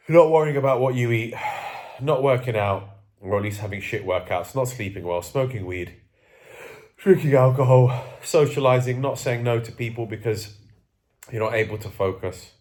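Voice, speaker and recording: The voice is a young man's, medium in pitch and a little mellow. He's a self-improvement coach vlogging candidly from home, seated indoors facing the camera, groggy and sneezing and coughing as he rambles, swears freely and runs himself down.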